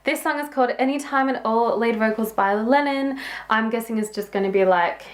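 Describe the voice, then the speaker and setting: A young woman vlogging her reaction to a song chats casually, giggling often and filling her talk with "like" and "um." Her voice is a little high and brisk, with the song playing faintly underneath and slight background noise.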